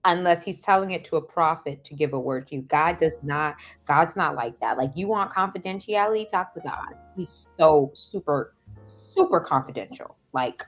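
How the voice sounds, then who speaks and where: A woman hosting a live stream, giving casual advice and telling stories, laughing often and switching into a squeaky high voice when she acts out other people. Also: expressive, moderate pace, faint music behind. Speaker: host of a self-help livestream. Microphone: video call or stream mic.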